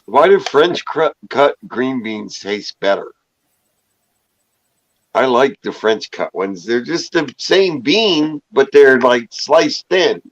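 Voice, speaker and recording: A man's voice: medium pitch, expressive, slow pace. A man in casual chat, easygoing and enthusiastic as he talks about food, heard on a dull lo-fi recording. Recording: dull lo-fi sound.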